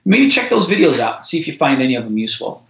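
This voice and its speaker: A man co-hosting a casual hobby podcast over a video call, relaxed and agreeable with hesitant fillers. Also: mid-range voice, rapid-fire, reverberant, low-quality recording. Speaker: podcast co-host.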